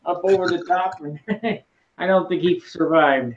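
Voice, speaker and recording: A man's voice: high voice, unhurried, a little hiss or hum. A man on a video call telling stories in a folksy, laid-back way. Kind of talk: casual chat, telling stories. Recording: roomy, dull lo-fi video-call audio.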